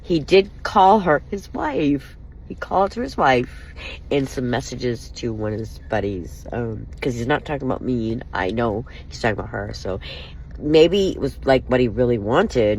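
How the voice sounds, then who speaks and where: Speaking directly into the camera, a vlogger with a deep bass voice pours out an emotional vent about being hurt, sounding angry, wounded and profane. Her delivery is animated, a little mellow and moderately paced, on a low-quality recording with slight background noise.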